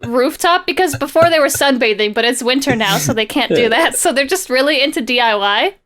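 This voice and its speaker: A woman's voice: high-pitched, lively intonation, fairly quick, fairly bright tone. Chatty sarcastic young woman. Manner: chatty, sarcastic, laughs often. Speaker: podcast co-host. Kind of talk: casual chat recapping a comic.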